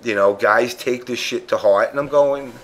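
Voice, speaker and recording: A man of ordinary pitch chats on a podcast panel. He is blunt and profane, and he acts out the other people's lines as he tells his story. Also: normal speed. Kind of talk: casual chat storytelling.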